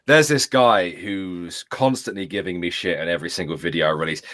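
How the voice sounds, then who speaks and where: A man with an English accent hosting a casual streamed chat show, telling stories with lively swearing. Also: low voice, brisk. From England. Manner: swearing, animated storytelling. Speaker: streamer host.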